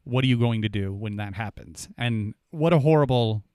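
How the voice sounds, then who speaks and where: Man, podcast co-host, mid-pitched, questioning and reflective, dry sound. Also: normal speed, a little mellow, clean tone, no room sound. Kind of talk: casual discussion.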